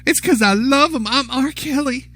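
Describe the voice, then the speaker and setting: A man doing a high whiny mock-celebrity. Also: normal speed, fairly bright tone. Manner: high mocking whine, crude. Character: whiny male celebrity mocking himself crudely.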